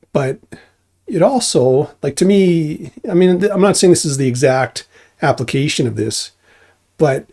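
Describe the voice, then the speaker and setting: A man's voice: medium pitch, creaky, a little mellow. A man giving an informal church testimony, earnest and rambling, often restarting his sentences.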